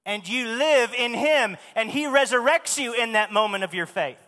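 A man's voice: extremely high pitch, normal speed, pushed and bright. A man preaching a sermon in a church, speaking emphatically and asking the congregation questions. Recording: long hall reverb.

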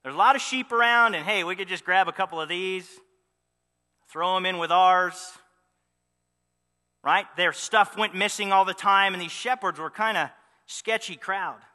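A man's voice: sits high, moderate pace, sharp tone, long reverb tail. A man preaching a sermon, telling the story with animation and many rhetorical questions. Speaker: pastor.

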